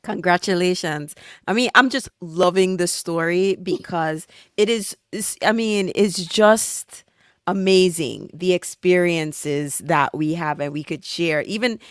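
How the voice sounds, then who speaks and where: A woman's voice: fairly low pitch, unhurried, clean tone, dry recording, studio quality. A woman hosting a casual podcast interview, affirming her guest and asking questions. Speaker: podcast host.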